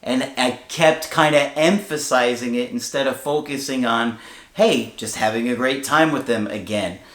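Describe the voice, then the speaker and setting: A man's voice: medium pitch, normal speed, fairly bright tone. Man coaching casually in a roomy space. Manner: conversational, storytelling with fillers. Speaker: relationship coach. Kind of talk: casual advice talk to camera. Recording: roomy echo.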